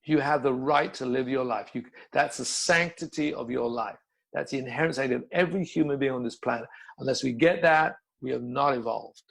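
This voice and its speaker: A man's voice: medium pitch, fairly quick, gravelly, a bit bright, low-quality recording. An older man, a yoga teacher, telling stories bluntly in a casual interview, swearing and repeating words.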